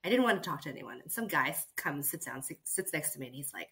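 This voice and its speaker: A woman hosting a podcast, talking in an animated, emphatic way. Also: low voice, quick pace. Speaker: podcast host. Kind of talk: casual conversation.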